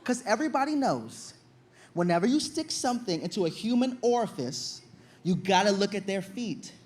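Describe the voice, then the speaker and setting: A young man with a high voice performs stand-up on a club stage, acting out his story with sudden loud outbursts. Faint room noise sits behind the voice. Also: moderate pace. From Virginia, USA. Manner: animated storytelling, loud acted-out shouts. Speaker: stand-up comedian. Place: comedy stage before an audience.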